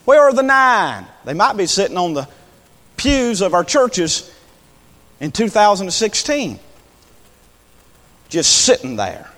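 Fiery preacher in a reverberant church. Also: male voice, very animated, slow, long pauses. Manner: impassioned, swings from low talk to high shouts. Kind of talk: sermon. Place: church sanctuary.

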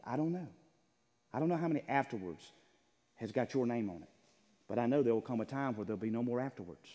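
A male pastor preaching a sermon in a church, swinging from loud impassioned calls to hushed pleading. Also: mid-range voice, expressive, quick pace, long pauses. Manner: impassioned preaching, voices God's words, swings from shouting to hushed. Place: church sanctuary. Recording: long echo of a large hall.

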